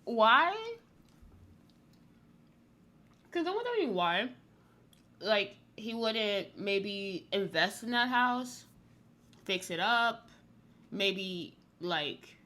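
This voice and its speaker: A woman's voice: medium pitch, bright, forceful tone. A woman casually recapping a reality TV show, rambling and blunt, with lots of "like" in her speech. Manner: candid, blunt.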